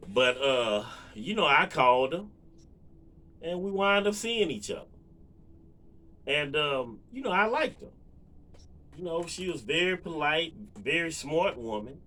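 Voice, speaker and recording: Man, casual storyteller; bright, lively delivery full of fillers. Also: medium pitch. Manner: relaxed, rambling, lots of fillers and asides to viewers. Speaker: vlogger.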